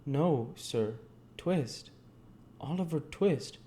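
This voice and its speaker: A man's voice: fairly high pitch, lively intonation, very slow, dark tone, slight background noise, pitched above the performer's own voice. A man voicing a frail, polite young boy who is recovering from illness, in a storybook reading. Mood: meek. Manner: meek and polite.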